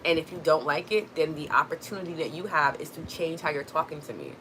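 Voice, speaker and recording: A woman's voice: deep voice, quick pace, background noise. A woman hosting a livestream, talking earnestly and reassuringly to her viewers, often checking in with "right?". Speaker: host. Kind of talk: livestream motivational talk.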